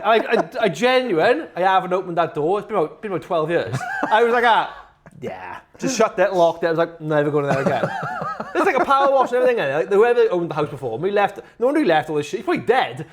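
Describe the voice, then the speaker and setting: A man co-hosting a casual podcast chat, telling animated stories full of swearing and acting out his own reactions. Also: high voice. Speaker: podcast co-host.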